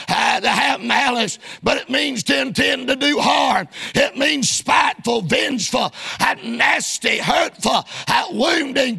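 A man preaching a sermon in a fervent, shouted, chanting cadence with frequent "uh"s. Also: extremely high pitch, vocal fry, slightly rough.

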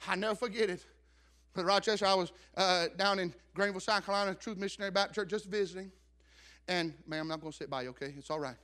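A middle-aged man preaches a story-driven sermon from the pulpit. His voice sits very high and rings bright and forceful. He drops to hushed asides, then builds up to shouts. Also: fast talker. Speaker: pastor.

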